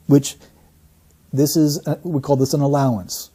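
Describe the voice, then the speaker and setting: A man working as a statement analyst, giving deliberate, teacherly commentary. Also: a little high, fairly even intonation, warm tone, breathy edge. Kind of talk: explanatory commentary.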